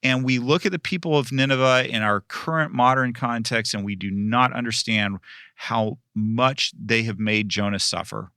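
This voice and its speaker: A man's voice: mid-range voice, normal speed, bright, forceful tone, clear, resonant tone, dry recording, studio quality. A male pastor in a casual discussion, talking animatedly, laughing often and acting out the people he quotes.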